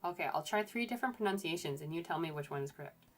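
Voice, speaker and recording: A woman's voice: low voice, lively intonation, rapid-fire. A woman archaeologist giving casual commentary while streaming a game, chatty and hesitant, often correcting herself.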